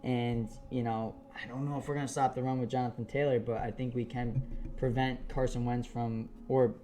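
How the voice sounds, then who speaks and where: A man's voice: mid-range voice, flat delivery, moderate pace, mellow, slight background noise. Profane joking man in sports banter. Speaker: podcast co-host. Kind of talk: casual sports chat. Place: studio.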